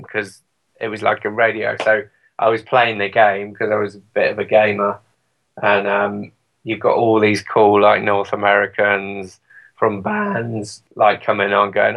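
A man's voice: fairly low pitch, steady tone, unhurried, vocal fry, fairly bright tone, low-quality recording. A man with a British accent, a musician chatting in an interview in a rambling, self-deprecating way with lots of fillers. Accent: British English. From Britain. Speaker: guest musician. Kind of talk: casual interview chat.

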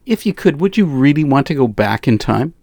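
A man's voice: medium pitch, very animated, a little fast, gravelly, darkish tone, no room sound. Man asking friendly interview questions.

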